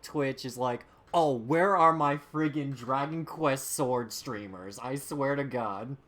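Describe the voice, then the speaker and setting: A man's voice: fairly high pitch, a bit bright. A young man in casual chat with friends on a live stream, goofy and profane, laughing often and acting out scenes. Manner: goofy, swears, laughs a lot, acts out scenes.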